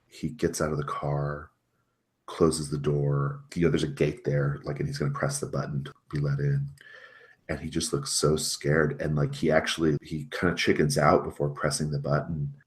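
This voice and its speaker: A man narrating as game master of a tabletop role-playing game, animated and casual. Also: a bass voice, normal speed. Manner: animated, casual, many fillers.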